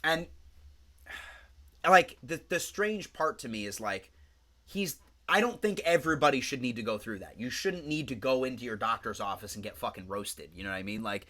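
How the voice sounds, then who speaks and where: Male podcast co-host, bright and forceful tone, rambling profane storyteller. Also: mid-range voice, animated, normal speed. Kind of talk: casual podcast chat.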